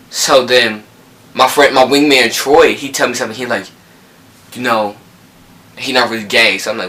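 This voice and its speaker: A man's voice: medium pitch, fairly quick, pushed and bright, low-quality recording. A young man from New Jersey with a local accent, telling a rambling storytime vlog full of quoted dialogue. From Newark, New Jersey. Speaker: vlogger. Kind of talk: casual storytime.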